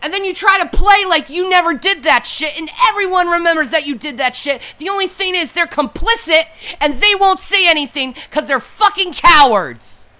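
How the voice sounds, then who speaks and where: A woman's voice: very high-pitched, expressive, moderate pace, few pauses, sharp tone. A grieving woman delivering a furious, profane livestream rant. She often repeats her points and sounds close to tears. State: grieving and upset. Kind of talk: angry unscripted livestream rant.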